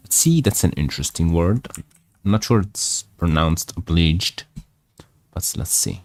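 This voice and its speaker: A man's voice: low-pitched, lively intonation, unhurried, no echo. A man reading a novel aloud for English learners, stopping to check words and repeat their pronunciation. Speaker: English teacher.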